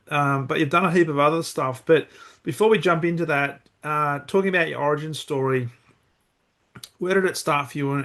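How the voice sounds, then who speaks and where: A man hosting a podcast, interviewing a guest in an upbeat, energetic way. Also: on the high side. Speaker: podcast host.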